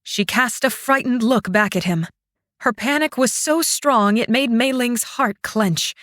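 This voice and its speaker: Slow dramatic woman narrator. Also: a little high, no echo, clean studio sound. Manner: dramatic, expressive. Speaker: audiobook narrator. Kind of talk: scripted fantasy narration.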